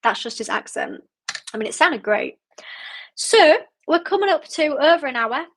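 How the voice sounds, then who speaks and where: A woman's voice: high-pitched, lively intonation, normal speed. A woman hosting a book club livestream, chatting casually and reading viewer comments, rambling and giggling with lots of fillers.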